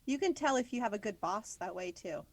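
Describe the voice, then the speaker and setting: A woman co-hosting a podcast, chatting in a relaxed way and adding short reactions. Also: mid-range voice, fast, dry recording. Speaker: podcast co-host. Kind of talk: casual chat.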